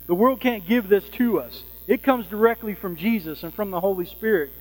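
A man preaching a sermon in a conversational way, often pausing to ask "Amen?". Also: high voice, in a large hall, rough recording. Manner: conversational, frequent fillers and "Amen?" checks.

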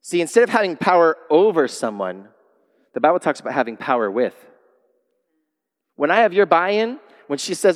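A man preaching to his congregation with a wildly lively, slightly high voice, acting out the people he quotes as he goes. His words ring out with a long reverb from a large church hall. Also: normal speed. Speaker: pastor. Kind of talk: sermon. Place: church sanctuary.

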